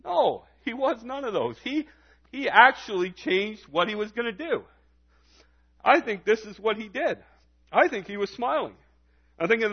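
High-voiced emphatic preacher. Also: male voice, animated, normal speed, pauses often, husky, highs cut off. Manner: emphatic, repeated rhetorical questions. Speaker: pastor. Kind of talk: sermon.

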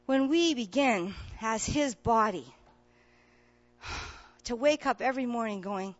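A woman's voice: fairly high pitch, measured pace, highs cut off. A woman preacher retelling a scripture story in a sermon, rising to impassioned, near-tearful pleading. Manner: retells a scripture story dramatically, voicing the characters.

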